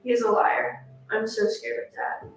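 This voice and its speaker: A woman narrating for a true-crime channel, reading a written statement aloud in a steady, earnest way. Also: fairly high pitch, normal speed, gravelly. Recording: echoey and distant, music behind. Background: music.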